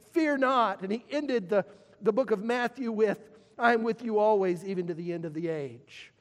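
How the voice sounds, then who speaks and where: A man preaching a sermon as pastor, repeating and pausing, swinging from loud calls to hushed lines. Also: high-pitched. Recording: long reverb of a church hall.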